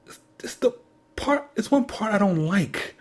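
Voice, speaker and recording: A man's voice: sits high, lively intonation, unhurried. A man co-hosting a sports podcast, ranting in a mocking, incredulous way about commercials. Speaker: podcast co-host. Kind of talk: casual sports commentary rant.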